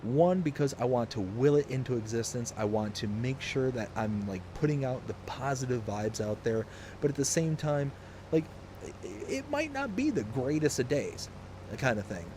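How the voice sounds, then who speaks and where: A man's voice: mid-range voice, animated, normal speed, noisy background. A young man from the US South hosting a live game stream, chatting casually and reading chat messages aloud in an upbeat, rambling way. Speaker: livestream host.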